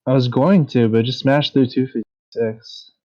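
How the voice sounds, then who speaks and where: Excitable man on a lo-fi stream. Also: mid-range voice, moderate pace. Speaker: trader on live stream. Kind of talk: casual live trading chat. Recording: dull lo-fi stream audio.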